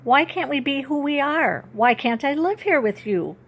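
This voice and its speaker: A woman voicing a young Ojibwe girl who is upset and defiant, pleading in a high, tearful voice. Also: animated, normal speed.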